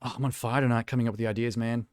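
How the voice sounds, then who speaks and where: A man's voice: medium pitch, little pitch movement, rapid-fire, no room sound, studio quality. A young man live streaming, chatting casually and rambling with self-amused asides while reacting to trailers.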